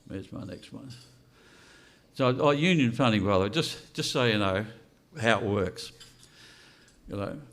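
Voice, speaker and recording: A man's voice: fairly low pitch, animated, a little slow, a bit bright. An older man giving a blunt, unscripted speech to an audience and asking rhetorical questions. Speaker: speaker at a political launch event.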